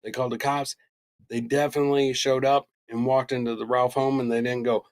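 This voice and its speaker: A middle-aged man co-hosting a podcast, telling a true-crime story in a loud, profane, jokey way. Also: mid-range voice, flat delivery, a little fast. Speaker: podcast co-host. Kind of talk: casual true-crime chat.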